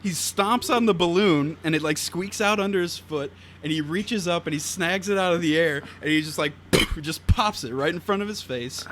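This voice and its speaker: A young man, a podcast guest, telling stories in casual chat, animated and laughing often. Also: on the high side, normal speed, hardly any pauses. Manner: animated storyteller, laughs through his stories. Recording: noisy background hiss.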